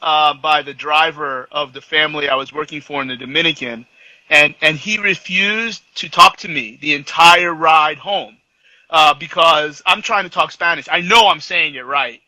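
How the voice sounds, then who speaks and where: Bright, dry-voiced man from New York. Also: a little high, dry recording, low-quality recording. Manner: halting, many restarts, drops into Spanish. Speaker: host. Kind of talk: casual chat on a live stream.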